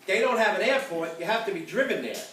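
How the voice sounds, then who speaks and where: A man's voice: sits high, animated, fast. An older man doing stand-up jokes at a church gathering, laughing at his own punchlines. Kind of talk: stand-up joke telling. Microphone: phone camera across the room. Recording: echoey room, far from the mic, loud background noise.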